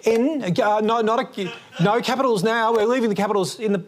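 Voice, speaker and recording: High-voiced joking male contestant. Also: fairly even intonation, a little fast, slight background noise. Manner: rambling, jokey. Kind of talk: playful spelling out loud.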